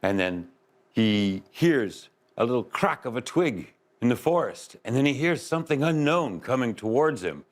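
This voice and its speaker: A man telling a story aloud to children, expressive, with sound effects and asides to his listeners. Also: mid-range voice, normal speed. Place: live event space.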